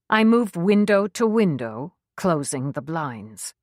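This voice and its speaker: Woman reading a story, measured and a bit wry, dry close sound. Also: on the low side, very animated, darkish tone, dry recording. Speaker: audiobook narrator. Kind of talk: first-person scripted narration.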